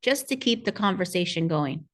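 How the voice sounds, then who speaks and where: A woman's voice: lowish voice, lively intonation, moderate pace. A woman narrating a parent workshop as a reading coach, in a patient, encouraging teacher tone. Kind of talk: scripted instructional narration.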